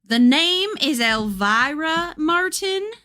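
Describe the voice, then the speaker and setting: A woman voicing a sharp-tongued, spiteful female ghost who scolds scornfully, in a spoken storybook reading. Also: sits high, lively intonation, slow, pitched above the performer's own voice, exaggerated voice.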